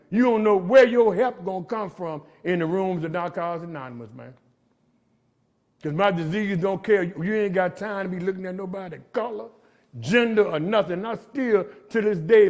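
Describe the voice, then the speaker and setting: High-voiced man telling his recovery story. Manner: storytelling, street slang, frequent "man" tags. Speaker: recovery speaker. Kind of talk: motivational recovery talk. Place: jail gathering room.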